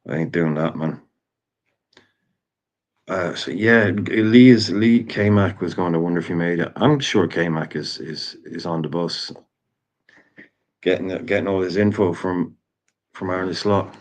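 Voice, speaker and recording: A deep-voiced Irish man chats his way through a live stream watchalong. He is blunt and casual and swears freely, with the loose rhythm of someone talking off the cuff to his viewers. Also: unhurried, pauses often, poor audio. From Ireland.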